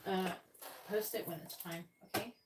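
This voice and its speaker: A woman's voice: medium pitch, roomy sound. A woman giving a psychic reading on a live stream, talking to viewers and listing signs, letters and numbers, a little exasperated when correcting them. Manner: talks to viewers, repeats and spells out signs, letters and numbers slowly. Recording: slightly distant mic with faint noise.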